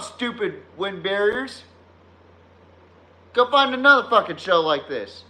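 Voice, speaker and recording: Man, podcast host, profane rant, high voice, slow talker, trash-talks chat. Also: lively intonation, sharp tone. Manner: laughs at his own jabs. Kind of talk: live-streamed sports rant.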